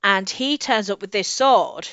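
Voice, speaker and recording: A woman's voice: mid-range voice, animated, a little slow, fairly bright tone, dry recording. Lady chatting about a book, laughs a lot, dry close sound. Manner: chatty, laughs often, trails off and restarts. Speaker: podcast co-host. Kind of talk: casual book discussion. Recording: slightly dull lo-fi audio.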